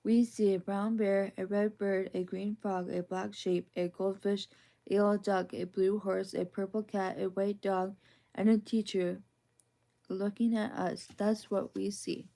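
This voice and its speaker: A warm, mellow woman's voice of middle pitch reads children's picture books in a soft ASMR bedtime session. The delivery is gentle and sing-song, with a level tone, a measured pace, and some vocal fry.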